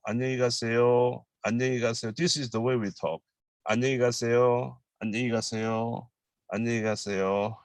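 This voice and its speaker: A middle-aged man with a Korean accent, teaching a relaxed language lesson, explaining slowly in halting English with many fillers and repeating Korean phrases quickly. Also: lowish voice, no room sound, poor audio.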